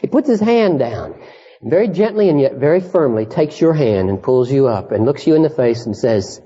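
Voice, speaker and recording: Impassioned preacher in an echoey old recording. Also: male voice, expressive, normal speed. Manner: impassioned preaching, swinging from high urgent cries to hushed storytelling. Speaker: pastor. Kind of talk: sermon. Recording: dull, echoey 1980s church sermon recording.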